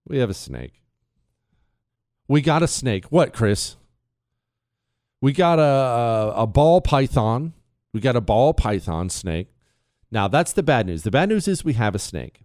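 A man hosting a talk radio show from a studio, telling a story in a casual, animated way. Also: mid-range voice, measured pace, long pauses, no echo. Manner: animated storyteller, laughs at his own tale. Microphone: studio microphone.

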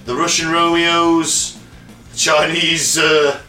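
A man's voice: fairly high pitch, little pitch movement, takes it slowly, bright, forceful tone, roomy sound, distant mic, faint music behind. A man hosting a podcast, bantering casually, rambling, laughing and swearing freely. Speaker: podcast host.

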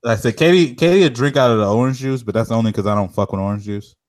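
A man's voice: mid-range voice, fast talker, no room sound, studio quality. A young man in casual chat, ranting and telling stories with lots of slang and swearing.

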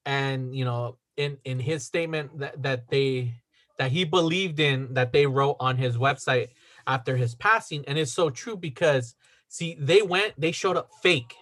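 A man's voice: mid-range voice, unhurried, fairly bright tone. A man casually recapping a movie on a podcast, rambling with lots of fillers. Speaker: podcast co-host.

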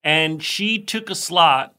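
Bright, teasing male podcast co-host. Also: on the high side, clean tone. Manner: playful, teasing, quick to riff. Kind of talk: casual chat.

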